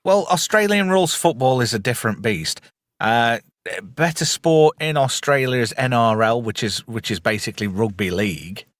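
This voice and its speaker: An Englishman chatting on a podcast, his pitch swinging up and down as he rambles. He jokes bawdily and trades stories. The sound is close and dry. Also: expressive, normal speed, fairly bright tone, no room sound. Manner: bawdy, joking, rambling. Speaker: podcast co-host. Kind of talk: casual chat.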